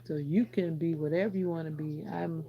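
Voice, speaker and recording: A woman's voice: low voice, steady tone, moderate pace, lo-fi sound. A Jamaican woman from Jamaica hosting a casual livestream, chatting with viewers and teasing them as she answers their comments. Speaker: livestream host.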